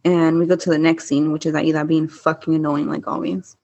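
A woman's voice: sits low, flat delivery, fairly quick, darkish tone, highs cut off. A woman casually chatting and recapping episode scenes, swearing freely and mimicking characters. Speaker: podcast co-host recapping a telenovela. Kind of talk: casual chat.

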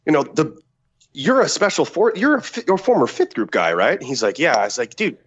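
A man, a former Special Forces soldier, telling a story as a podcast guest in a profane, animated way, acting out the dialogue. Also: on the high side, brisk, slightly rough, dull audio. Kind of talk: casual war-story telling.

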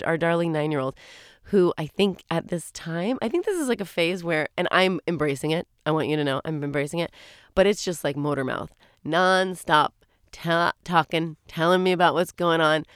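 A woman in her forties with a fairly low voice hosts a casual podcast episode on her own. Her talk rambles and keeps interrupting itself. The sound is dry and close, recorded in a small closet at home. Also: normal speed, no room sound. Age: 40s. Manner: rambling, chatty, self-interrupting. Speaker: podcast co-host. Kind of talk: casual solo chat.

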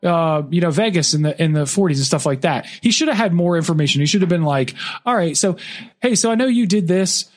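A man's voice: a little high, animated, fast. A man co-hosting a podcast, talking bluntly and cursing in laid-back banter. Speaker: podcast co-host. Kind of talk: casual banter.

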